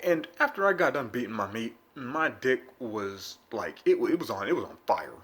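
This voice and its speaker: A young man rambles through a casual vlog monologue, swearing freely and jumping between loud bursts and low mutters. His pitch swings lively up and down, in a middle register for a man. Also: fairly quick, few pauses. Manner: profane, rambling, laid-back with sudden loud bursts. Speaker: vlogger.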